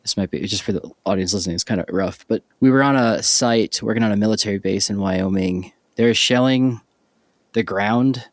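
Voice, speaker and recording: A man's voice: on the low side, fairly quick, dry recording. A man hosting a podcast, telling a story in an offhand, loose way with casual swearing. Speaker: podcast host. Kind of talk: casual chat.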